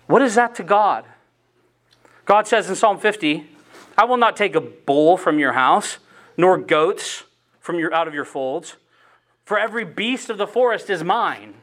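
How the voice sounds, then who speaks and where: A man with a notably high voice delivers an earnest sermon. He reads scripture aloud and presses hard on key phrases, then eases back as he explains them. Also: fairly bright tone. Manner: earnest expository preaching, reading scripture aloud with rising emphasis. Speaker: preacher.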